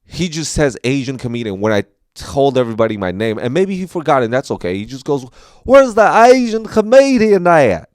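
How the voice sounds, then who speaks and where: A young male comedian talks through a loose podcast monologue, stacking fillers and restarts as he thinks aloud. His voice is smooth and clear at an ordinary pitch. The sound is dry and close. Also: fast, few pauses, dry recording. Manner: rambling, filler-heavy, animated storytelling.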